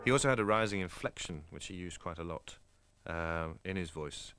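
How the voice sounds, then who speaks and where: A man's voice: low voice, moderate pace, a bit bright, clean tone, soft background music. A man in a documentary interview who speaks thoughtfully and analytically, slipping into brief imitations. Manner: thoughtful, analytical, with mimicking asides.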